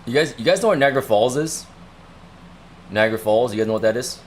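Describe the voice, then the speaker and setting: A man's voice: medium pitch, fast talker, slight background noise. A young man casually telling a rambling story to his livestream viewers, repeating himself as he goes. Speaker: livestream host.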